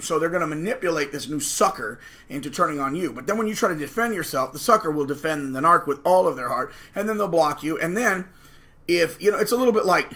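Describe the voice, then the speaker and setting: Talking straight to the camera, a man hosting his own channel delivers an emphatic, sarcastic rant and acts out the voices he quotes. His voice is a little high with a sharp tone.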